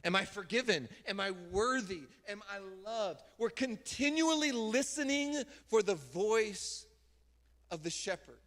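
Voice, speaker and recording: A man pastor preaching a sermon from a church stage, casual and emphatic, with sudden loud bursts. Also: high-pitched, expressive, unhurried. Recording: long hall reverb in a church.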